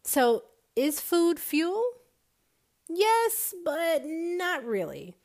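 A woman's voice: very high-pitched, big pitch swings, very slow, darkish tone. A woman giving an emphatic motivational talk to an audience, repeating her points for effect. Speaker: speaker on nutrition.

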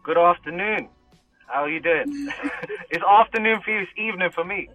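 A man's voice: sits high, moderate pace, sharp tone, faint music behind, low-quality recording. A man from the UK, a rapper guest, chatting casually and laughing easily. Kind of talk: casual interview chat.

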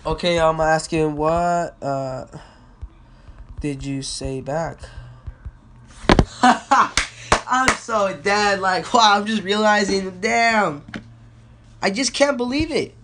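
A young podcast host ranting in a rambling, excitable and profane way, recorded on a phone with no microphone. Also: medium pitch, takes it slowly, pauses often, slight background noise. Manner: excitable, profane, storytelling with quotes. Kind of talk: rambling casual rant. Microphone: phone without a mic.

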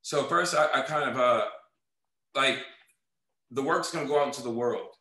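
A man's voice: mid-range voice, normal speed, bright, forceful tone, echoey room, rough recording. A man in an interview, telling his story casually and animatedly, acting out quoted dialogue and often saying "man.". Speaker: music video director, guest.

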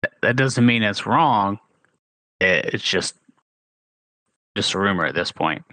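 A man's voice: lowish voice, expressive, a little slow, bright, forceful tone, no echo. A man co-hosting a sports podcast, making his case in a casual, argumentative way. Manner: argumentative, rising to emphatic. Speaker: podcast co-host.

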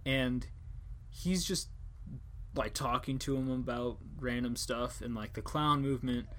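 A man's voice: medium pitch, unhurried, fairly bright tone, a little hiss or hum. A young man hosting a casual podcast chat, rambling and joking with casual swearing. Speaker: podcast host.

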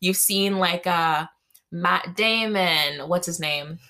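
A woman's voice: fairly low pitch, slow, bright, forceful tone. A young woman from Massachusetts co-hosting a podcast, playful and joking in casual talk. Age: 20s. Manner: playful and joking, laughs often. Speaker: podcast co-host. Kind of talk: casual chat.

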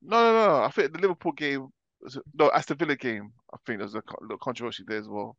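A man from West London with a London accent, chatting on a podcast in an animated, emphatic way with quick restarts. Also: mid-range voice, no echo, dull audio. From West London, England. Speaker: podcast co-host. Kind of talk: casual chat.

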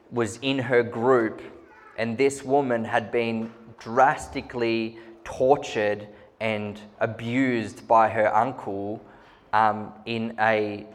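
A man preaching a sermon, telling stories earnestly with humorous asides. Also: mid-range voice. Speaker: pastor. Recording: long hall reverb.

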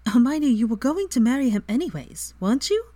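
A woman's voice: fairly high pitch, sing-song, brisk, dark tone, voice pushed up. A woman reading aloud and voicing a cheeky, teasing young witch.

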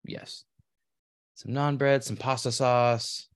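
A man's voice: medium pitch, fairly even intonation, takes it slowly, smooth, no room sound, clean studio sound. Rambling, profane man telling a story. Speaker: podcast co-host. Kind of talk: casual chat.

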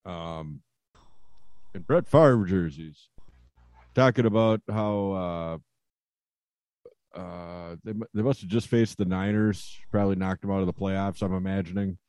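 Guy with a lowish voice just chatting, kinda rambly, lots of ums, dry room. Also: a little slow, long pauses, smooth, no echo. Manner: relaxed, rambling with many fillers. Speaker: podcast co-host. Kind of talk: casual wrestling review chat.

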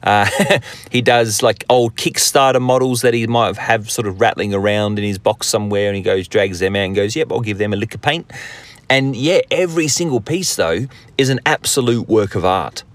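An Australian man hosts a podcast in a casual, rambling monologue, full of jokes and self-mockery. His voice sits a little low. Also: moderate pace, dry recording. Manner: rambling, jokey, self-deprecating, many fillers and restarts. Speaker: podcast host.

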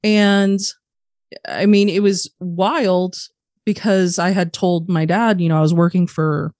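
A young adult woman on a podcast, candidly telling a personal story in a profane, animated way and acting out the voices of the people in it. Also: on the low side, a little slow, no echo, clean studio sound. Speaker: podcast guest.

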